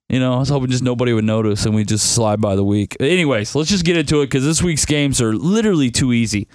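A man's voice: mid-range voice, fast, few pauses, no room sound. A young man hosting a casual sports-betting podcast, laid-back and grumbling that he is tired. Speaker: podcast host picking football bets.

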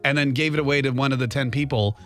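Fast, bright-voiced radio host man. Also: medium pitch, steady tone, faint music behind. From North Carolina. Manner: quick, joking, teasing storyteller. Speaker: radio morning show host. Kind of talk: casual on-air banter. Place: radio studio.

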